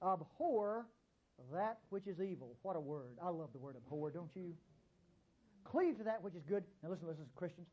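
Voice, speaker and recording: A man preaching a sermon, emphatic and often repeating "listen to me," with sudden jumps in pitch and loudness. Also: lively intonation, moderate pace, slightly rough, highs cut off.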